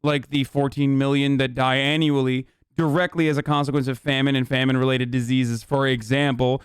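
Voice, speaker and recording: A man's voice: mid-range voice, steady tone, normal speed, smooth, no room sound, studio quality. A young adult man doing casual livestream commentary in a sarcastic, profane and mocking way. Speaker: streamer.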